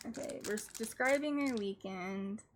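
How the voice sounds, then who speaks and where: A woman chatting casually on a live stream as she learns French, playful and giggly, slowly sounding out French phrases. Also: mid-range voice, a little hiss or hum.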